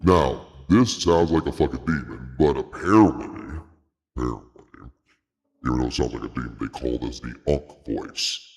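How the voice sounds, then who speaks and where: A man through a voice changer as a booming demon. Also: moderate pace, darkish tone, in a large hall, faint music behind. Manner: casual, profane, explaining as he goes. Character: deep demonic male voice made by a voice changer. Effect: deep demonic voice changer.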